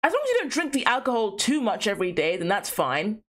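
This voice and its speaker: A young woman giving casual let's-play commentary, playful and animated, often repeating herself for fun. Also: mid-range voice, quick pace. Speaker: gaming streamer.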